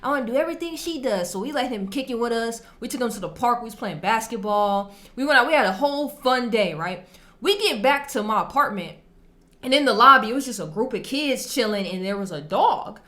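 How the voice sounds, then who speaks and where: Lively, slangy young woman vlogger. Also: on the high side, a little fast. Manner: animated, slangy, emphatic. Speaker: vlogger reacting to online posts. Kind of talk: casual reaction commentary and storytelling.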